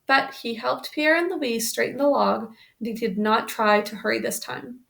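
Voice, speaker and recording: A woman reading a children's chapter book aloud with a gravelly texture in her voice. Her pitch sits somewhat high. Now and then she breaks off to explain the story plainly. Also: normal speed, fairly bright tone. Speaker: reader.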